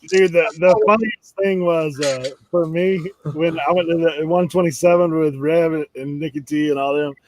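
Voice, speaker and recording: A man's voice: a little high, normal speed, few pauses, darkish tone, poor audio. A man chatting casually, telling stories and laughing often. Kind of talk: casual chat.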